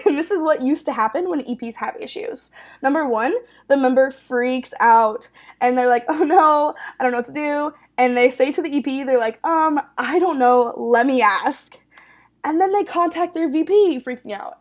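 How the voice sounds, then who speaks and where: A woman's voice: high voice, darkish tone. A young woman in her twenties giving a training webinar as a network manager, upbeat and casual with frequent fillers and laughs.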